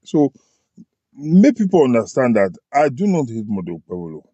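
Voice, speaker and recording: A man's voice: medium pitch, very animated, mellow, dry recording. A man from Edo with a Nigerian accent and Pidgin phrases, giving emphatic political commentary straight to his listeners. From Edo State, Nigeria. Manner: emphatic, addresses listeners directly, fills pauses with "uh". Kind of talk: opinionated political commentary to camera.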